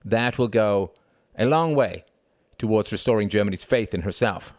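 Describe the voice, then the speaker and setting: A pompous father holds forth over cognac, explaining world affairs to his sons in a lecturing tone, as an audiobook narrator puts him on. The voice sits a little low, and the recording is dry and close. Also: moderate pace, a little mellow, no echo, natural voice. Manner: instructive, pompous. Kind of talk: audiobook character voice.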